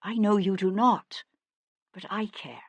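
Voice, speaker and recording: A woman's voice: mid-range voice, a little slow, no room sound, voice pushed up. A woman voicing a cold, stern young nobleman who speaks in a clipped, threatening way. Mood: earnest.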